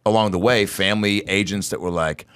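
A man's voice: fairly low pitch, brisk, smooth. A man telling a story in casual chat, acting out the people in it as he goes. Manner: animated, imitates people mid-story.

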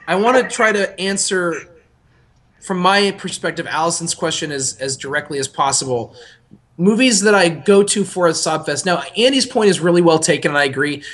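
A young man co-hosting a podcast, talking casually in a rambling, animated way that often breaks off and restarts. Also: fairly high pitch, moderate pace. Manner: rambling, self-interrupting, animated. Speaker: podcast co-host.

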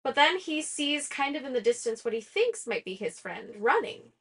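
A woman's voice: sits high, sing-song, moderate pace, fairly bright tone, breathy edge. A young woman hosting a book discussion, retelling a fantasy plot in a casual, chatty way full of "like" fillers and self-aware laughter. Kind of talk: casual plot summary chat.

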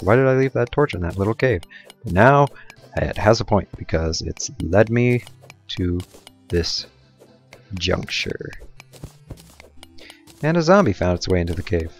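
A young man talks through his gameplay in a relaxed, rambling way. His voice sits deep and low, and he drifts into goofy, self-mocking asides. Faint music plays softly behind him. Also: normal speed, long pauses. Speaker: let's play gamer. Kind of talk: casual gameplay commentary.

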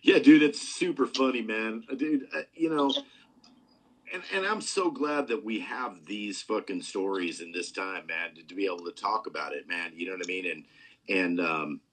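A man's voice: on the low side, normal speed, rough recording. A man hosting a podcast in loose casual talk, rambling with lots of "man" and "dude" and heavy swearing. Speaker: podcast host. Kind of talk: casual conversation.

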